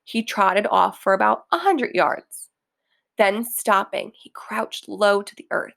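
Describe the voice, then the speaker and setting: Woman reading a kids book out loud, real slow, bit of fry. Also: medium pitch, animated. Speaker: reader. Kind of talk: reading a children's book aloud.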